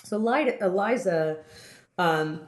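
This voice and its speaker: A woman's voice: on the low side, expressive, takes it slowly. A woman podcast host recapping a film in casual chat, rambling with many fillers and restarts. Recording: roomy, echoey room.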